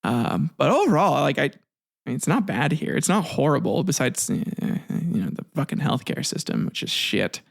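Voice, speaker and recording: A man's voice: a little high, very animated, moderate pace, creaky. A man narrating history in a casual, offhand way, with jokes, asides and some swearing. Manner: offhand, joking, swears, restarts words. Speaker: history video host.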